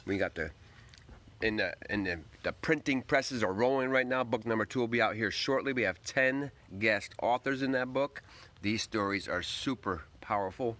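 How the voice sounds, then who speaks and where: Low-voiced man chatting on a livestream. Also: pushed and bright. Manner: greets viewers by name, upbeat and rambling; talks while eating. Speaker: livestream host. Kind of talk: casual livestream chat.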